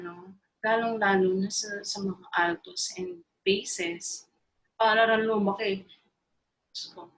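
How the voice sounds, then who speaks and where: Slow, high-voiced Filipino woman teacher. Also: a bit bright, poor audio. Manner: mixes English and Filipino, coaxing and playful. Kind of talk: online choir workshop lecture. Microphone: video call.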